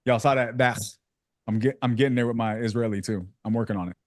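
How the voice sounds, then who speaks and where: A man's voice: mid-range voice, steady tone, fast talker, no room sound, studio quality. A man hosting a sales community on a video call, joking and slangy with lots of fillers. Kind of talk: casual coaching chat on a video call.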